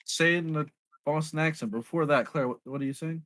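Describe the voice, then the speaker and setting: A player with a mid-pitched voice chimes in with wry asides during a tabletop game. The recording is dry and close. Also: fast talker, a bit bright, no echo.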